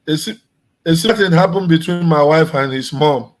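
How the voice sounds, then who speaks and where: Male guest from Nigeria, casual conversation, slightly higher voice, easygoing delivery. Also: fairly quick, rough recording. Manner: relaxed, conversational, with restarts. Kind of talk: casual chat.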